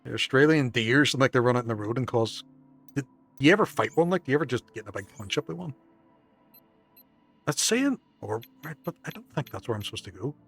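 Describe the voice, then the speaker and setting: Man, game streamer, sweary and jokey, middle pitch, faint music behind. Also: expressive, brisk, vocal fry, fairly bright tone, slightly rough. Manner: sweary, jokey, reading chat aloud. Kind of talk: live-stream gaming chat.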